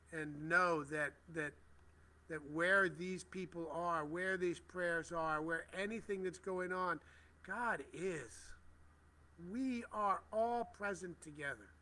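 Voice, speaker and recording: A middle-aged man hosting a prayer livestream outdoors, speaking gentle, reverent affirmations as he reads viewers' comments aloud over a phone. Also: a little high. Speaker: spiritual livestream host.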